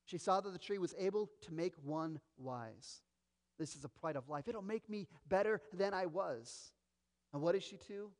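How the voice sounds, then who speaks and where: A male pastor preaching a sermon, expressive and dramatic, acting out quoted voices as he teaches. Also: high voice.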